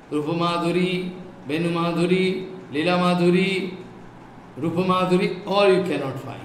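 Slow, high-voiced Indian spiritual teacher. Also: male voice. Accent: Indian English. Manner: repetitive, emphatic, recites Sanskrit verses. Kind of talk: devotional scripture lecture. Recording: echoey room, faint background noise.

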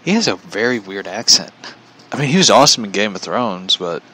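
A man chats casually to his vlog viewers, rambling from thought to thought and chuckling often. His voice sits fairly low but has a bright, sharp ring to it. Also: lively intonation, fairly quick, slightly rough, poor audio. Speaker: vlogger. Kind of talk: casual chat.

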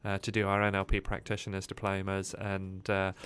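A man with a low, smooth and clear voice tells his life story as a podcast guest. He talks in an animated, rambling way and fills his pauses with frequent "uh"s.

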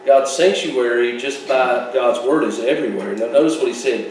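A male pastor preaches in a relaxed, folksy way, mixing jokes into his points. His voice rings out from a little distance in a very echoey church sanctuary, with faint room noise behind. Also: mid-range voice, normal speed. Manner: folksy, joking asides with laughs. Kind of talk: sermon.

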